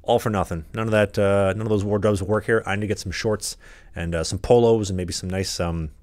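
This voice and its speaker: A Canadian man, a podcast host and hockey goalie, chatting casually from a locker-room stall at a rink, joking and rambling with quick asides. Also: fairly low pitch, fairly even intonation, a little mellow, no echo.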